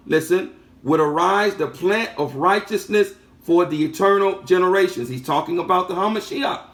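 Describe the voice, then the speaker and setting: Man, preacher, sermon teaching, somewhat high voice, repeats phrases, rhetorical questions.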